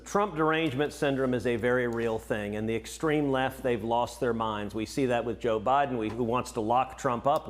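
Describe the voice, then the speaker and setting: A middle-aged man, a senator guest on a cable news interview, speaking emphatically and often repeating words as he starts sentences. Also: on the high side.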